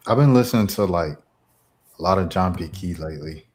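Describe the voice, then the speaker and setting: A young man with a very low voice joins a podcast chat. He tosses out quick asides that trail off softly as he finishes them. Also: lively intonation. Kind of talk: casual chat.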